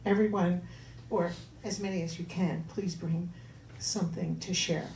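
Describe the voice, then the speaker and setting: In a church hall, a woman minister delivers announcements and a sermon, chatty and warm in her asides to the congregation. She speaks unhurriedly in a fairly low, fairly even voice. A little hiss or hum is audible, and the roomy space places her voice far from the mic.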